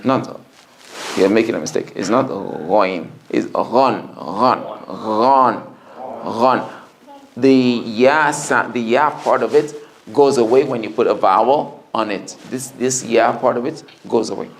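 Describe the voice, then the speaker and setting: A man teaching a Quran reading class, drawing out letter sounds slowly and then asking the students quick questions. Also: mid-range voice. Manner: slow drawn-out letter drills, quick classroom asides. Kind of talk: classroom lesson with drills.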